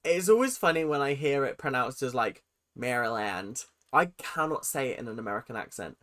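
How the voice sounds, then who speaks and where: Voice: medium pitch, lively intonation, fast, a bit bright. A reaction video host with a British accent, ranting dramatically in casual commentary.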